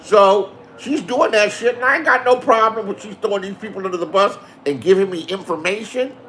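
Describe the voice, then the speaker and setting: High-voiced man ranting, swearing. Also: brisk, fairly bright tone, slight background noise. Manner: boastful, swearing, insists it is the truth. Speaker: online show host. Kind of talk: profane storytelling rant.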